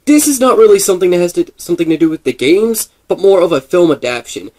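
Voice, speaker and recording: A man's voice: fairly high pitch, darkish tone. A man in casual gaming commentary, rambling and thinking aloud with many fillers and restarts. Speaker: gaming video creator.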